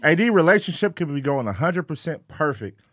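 Brief: man, fast and lively, teasing instigator in friendly banter. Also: fairly high pitch. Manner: playful, stirring up the group. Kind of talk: casual podcast chat.

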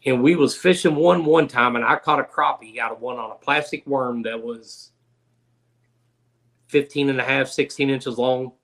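A man's voice: mid-range voice, normal speed, fairly bright tone. A man, a guest in a casual interview, telling fishing stories in an easygoing, folksy way. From Kentucky.

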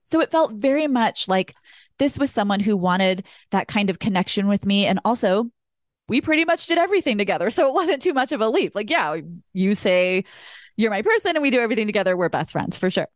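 A woman's voice: mid-range voice, big pitch swings, brisk, no echo, studio quality. A young adult woman hosting a podcast, candidly telling a personal story with emphatic asides and the occasional swear word. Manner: candid and emphatic, swears, acts out quoted dialogue. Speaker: podcast host. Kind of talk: personal storytelling in casual chat.

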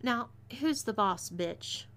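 A woman's voice: a little high, lively intonation, slow pace, a bit bright. Texan woman playing Zelia, a fiery female outlaw. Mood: bossy. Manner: bossy, threatening drawl.

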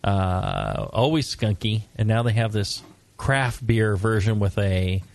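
A man's voice: on the low side, very animated, slow, gravelly. A man hosting a casual beer talk show, joking and teasing his guests. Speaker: podcast host.

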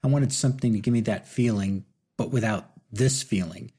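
A man's voice: on the low side, normal speed, warm tone, breathy edge. A man voicing a cocky male rival with a mocking, wisecracking way of talking in an audiobook. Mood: wry.

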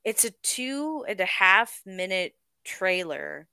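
A woman's voice: medium pitch, sing-song, slow, creaky, bright, forceful tone, clear, resonant tone, no room sound, studio quality. A woman co-hosting a casual podcast who reviews films, giving blunt opinions with plenty of filler words. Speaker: podcast co-host and film reviewer. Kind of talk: casual chat.

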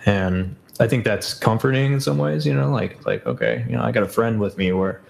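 A man's voice: on the low side, animated, brisk, gravelly, low-quality recording. A man as a podcast guest in casual chat, rambling with many fillers and self-corrections.

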